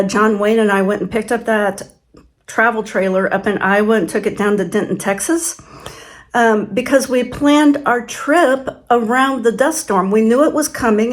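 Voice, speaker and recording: Chatty older woman, fairly high voice. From Kansas, USA. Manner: chatty, laughs often, acts out quoted voices. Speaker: channel host. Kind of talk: casual storytelling vlog. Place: farm home.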